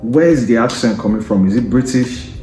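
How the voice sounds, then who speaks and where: Speaking a little fast, this football podcast host has a warm, medium-pitched voice, and soft music plays in an echoey room. His rant is opinionated, taunting and combative, studded with "yeah?" and "you understand?" to drive his argument home.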